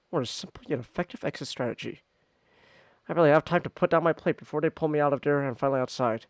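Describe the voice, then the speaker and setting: A male streamer reading a visual novel aloud, animated, prone to loud profane outbursts. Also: medium pitch, fast talker, no room sound.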